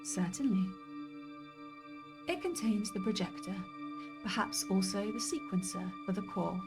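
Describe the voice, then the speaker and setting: Casting: woman reading a proper, dry-spoken robot servant for a story game, formal and matter-of-fact, at a middling pitch. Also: expressive, unhurried, over music.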